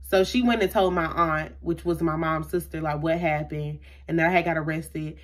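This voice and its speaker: A woman's voice: sits low, steady tone, normal speed. A young adult woman vlogger telling a personal story in a casual, chatty way, full of fillers, acting out what people said. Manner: chatty, lots of fillers, acts out quotes.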